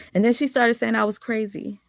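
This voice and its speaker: A woman's voice: fairly high pitch, vocal fry, no echo, studio quality. Indignant woman venting on a livestream. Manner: animated, indignant, addresses viewers directly. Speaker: livestream host. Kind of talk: casual livestream storytime.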